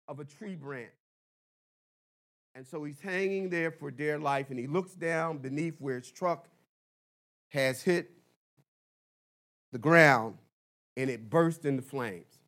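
Slow-talking pastor telling a story. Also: male voice, fairly high pitch. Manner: slow dramatic storytelling with big swings in loudness. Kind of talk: sermon.

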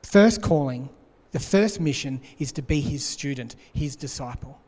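A man's voice: mid-range voice, animated, a little slow, darkish tone. A man preaching a sermon in an earnest way, repeating his key points. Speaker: pastor. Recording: long hall reverb.

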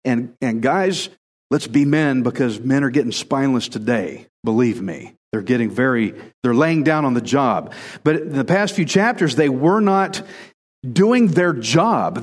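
A man preaching a casual, conversational sermon, animated and repeating phrases for emphasis. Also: fairly high pitch, big-room sound. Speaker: pastor.

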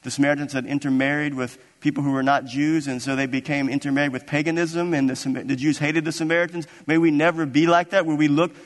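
A man pastor preaching a sermon in a church, animated and acting out scripture scenes. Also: a little high, fast, few pauses. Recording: long reverb of a large hall.

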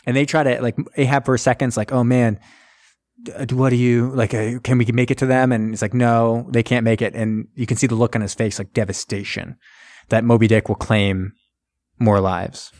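A man's voice: mid-range voice, flat delivery, moderate pace, a little mellow, no room sound, clean studio sound. A man casually retelling a movie plot for laughs, jumping into quoted voices of the characters as he goes. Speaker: podcast co-host. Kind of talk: casual movie recap chat.

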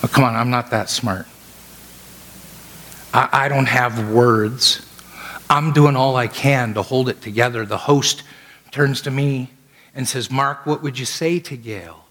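A man preaching a sermon in a middle pitch and telling a story to his listeners. He is lively and acts out the voices of the people in his story. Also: a little slow, long pauses. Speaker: pastor.

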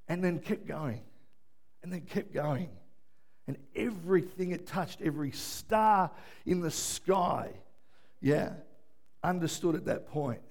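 A man preaching a sermon. He swings from quiet, low passages to shouted peaks and keeps asking the room "yeah?". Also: slow pace, long pauses. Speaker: pastor.

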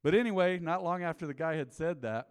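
Folksy middle-aged pastor, reverberant church. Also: male voice, on the high side, fairly quick, clear, resonant tone. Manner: folksy storytelling, peppered with "man". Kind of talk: sermon. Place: church sanctuary. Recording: long reverb of a church hall.

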